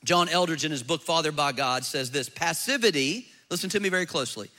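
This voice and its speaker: A male pastor delivering a sermon in a high, bright voice. He mixes playful jokes with emphatic, challenging rhetorical questions to his listeners. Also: lively intonation, brisk.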